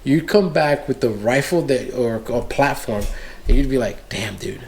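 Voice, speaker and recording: A man's voice: mid-range voice, moderate pace. A man from the United States, a podcast guest in casual chat, telling stories animatedly and acting out the voices of the people he quotes. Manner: animated storyteller who acts out quoted voices.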